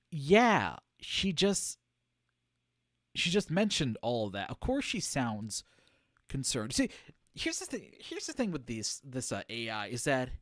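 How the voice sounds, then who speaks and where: A man's voice: medium pitch, a bit bright, no room sound, clean studio sound. Rambling, jokey gaming streamer man. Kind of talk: live gameplay commentary.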